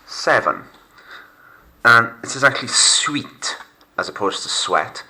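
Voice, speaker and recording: A man's voice: mid-range voice, very animated, slow, long pauses, sharp tone, rough recording. A male teacher from Wales, giving a recorded remote language lesson and patiently explaining step by step with fillers.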